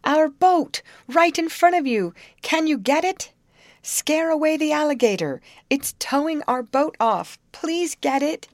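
A woman's voice: sing-song, moderate pace, few pauses, darkish tone, no echo, studio quality. A woman voicing an anxious young girl who calls out urgently for help in a storybook reading. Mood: pleading. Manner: high, urgent calling.

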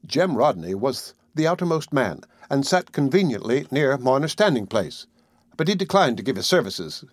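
A man reading a classic novel aloud as an audiobook narrator, measured and deliberate. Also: mid-range voice, big pitch swings, no room sound, studio quality.

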